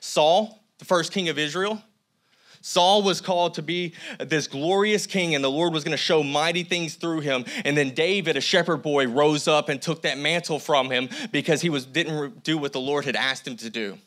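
A man's voice: a little high, moderate pace, fairly bright tone. A man preaching a sermon as a church pastor, conversational with humorous asides. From United States. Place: church sanctuary.

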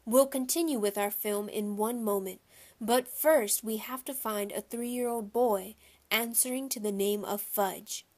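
A woman's voice: medium pitch, fairly even intonation, takes it slowly. A woman reading as a formal theater manager. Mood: announcing. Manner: formal, announcing loudly.

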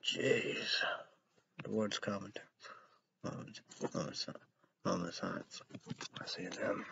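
The voice is low, creaky and fairly even in intonation, belonging to a young man who hosts a casual show and takes things slowly. He reads headlines out, rambles about them and spells names letter by letter, captured in a dull, lo-fi recording with background noise.

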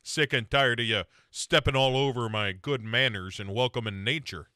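A man's voice: mid-range voice, moderate pace, sharp tone, no echo, studio quality, close to an everyday voice. A man doing a fed-up Canadian grump. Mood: exasperated.

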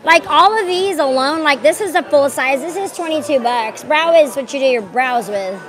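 A woman's voice: sits high, expressive, moderate pace. A woman hosting a casual live stream, chatty and effusive, often saying "like" and "girl". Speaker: livestream host. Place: busy outdoor waterfront venue. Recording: music and crowd noise behind.

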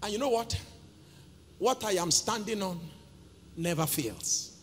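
A man with a Nigerian accent preaching a sermon as pastor, calling out to the congregation and breaking into sung and shouted phrases. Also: high-pitched, expressive, a little slow, slight background noise. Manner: call-and-response preaching, sings and shouts phrases. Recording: reverberant church hall with music.

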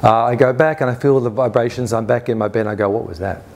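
A man's voice: mid-range voice, steady tone, quick pace, darkish tone. A man speaking at a summit, earnestly recounting personal experiences in a conversational storytelling style, often restarting sentences and quoting his own thoughts. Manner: earnest, recounts events in present tense with inner quotes; frequent restarts and fillers, conversational. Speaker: conference speaker. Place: summit stage before an audience.

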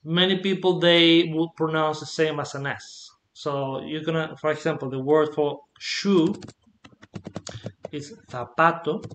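A Spanish-accented man tutors over a video call, taking his time and giving example words. His voice sits a little higher than most men's. He sounds patient and explanatory throughout. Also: flat delivery, unhurried. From Spain. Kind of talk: online one-to-one language lesson.

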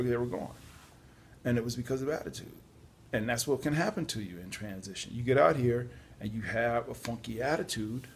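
A man's voice: mid-range voice, vocal fry, a little hiss or hum. A tired man giving casual, chatty job-search advice, yawning at times and adding apologetic asides. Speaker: podcast host on job search. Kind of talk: casual spoken advice talk.

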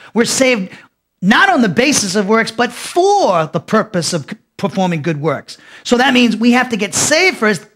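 A man's voice: high voice, a bit bright. A man teaching a Bible lesson as pastor, emphatic, often restarting and repeating phrases.

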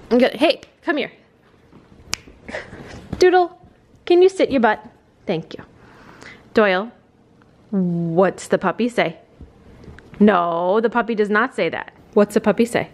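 Chatty woman vlogging at home. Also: mid-range voice. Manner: chatty, filler-heavy, fond talk to her dog. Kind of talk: casual home vlog. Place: at home, indoors. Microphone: handheld camera.

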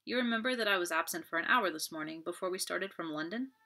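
A woman's voice: fairly low pitch, expressive, fast, pushed and bright. A woman voicing a fussy, proud male detective, formal and clipped. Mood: earnest. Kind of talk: audiobook character voice.

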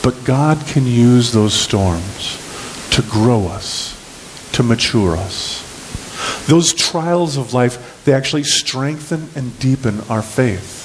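A man preaching a sermon as pastor, animated and lively, acting out the scripture scenes as he goes. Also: mid-range voice, slow pace, a little hiss or hum, poor audio.

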